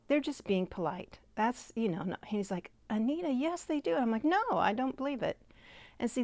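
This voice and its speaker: A woman tells a personal faith story in an unhurried, deliberate way. Her delivery is earnest and heartfelt, with gentle moments where she sinks into a near-whisper. The recording is close and dry, with no room sound. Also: on the high side, dry recording. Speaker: Christian devotional speaker.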